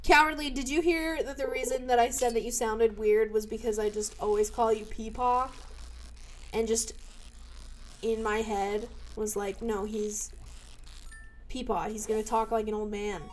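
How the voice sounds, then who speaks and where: A young adult woman streaming a game live, with a slightly high voice and an unhurried, drawn-out delivery. She is loud and excitable, swearing freely and breaking into shouts. A faint hiss sits under her voice. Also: poor audio. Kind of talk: casual live-stream chat while gaming.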